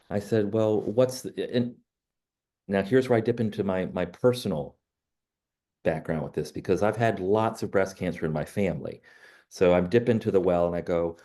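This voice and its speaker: Man, middle-aged, low voice, mellow tone, casual storytelling, lots of fillers. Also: normal speed. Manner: conversational, many "you know" fillers. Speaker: realtor. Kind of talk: training talk with personal stories.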